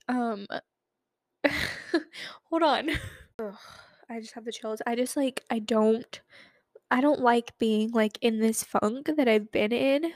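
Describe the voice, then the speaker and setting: A woman's voice: on the high side, slow, pauses often, darkish tone, dry recording, clean studio sound. A young woman in her twenties hosting a solo podcast, talking in a chatty, rambling way with lots of fillers. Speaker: podcast host.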